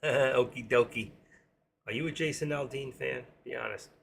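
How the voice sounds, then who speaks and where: A man's voice: mid-range voice, moderate pace, gravelly, a bit bright, slight background noise. A middle-aged man with a New York accent, chatting casually on his trading live stream and reading viewer comments aloud.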